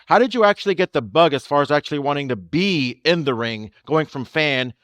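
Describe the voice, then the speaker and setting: Interview host, man, smooth mid voice, easygoing and a bit halting, dry recording. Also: fairly high pitch, expressive, fairly bright tone, no room sound. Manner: friendly, stumbling questions. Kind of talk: casual interview.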